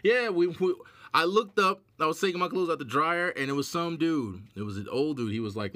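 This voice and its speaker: A man hosting a podcast in casual chat, animated, laughing often and acting out quoted voices. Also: fairly high pitch, a little fast, few pauses, no echo. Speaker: podcast host.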